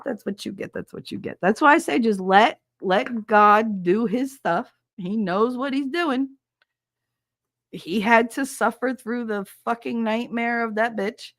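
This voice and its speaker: A woman in her thirties co-hosting a podcast, telling a gossipy story in casual, profane chat, laughing often and jumping up high to quote people. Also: fairly bright tone, no echo, clean studio sound. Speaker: podcast co-host.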